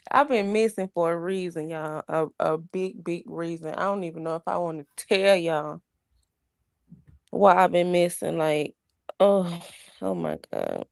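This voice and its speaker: A woman's voice: on the low side, animated, slow pace, vocal fry, long pauses, no echo. A young woman chatting casually on a livestream, greeting viewers and talking about her kids while burping a baby.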